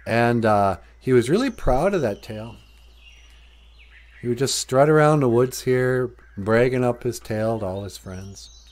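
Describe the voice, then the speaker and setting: A man telling a folk tale outdoors in a relaxed, conversational way. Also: mid-range voice, unhurried. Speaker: storyteller. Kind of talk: casual oral storytelling.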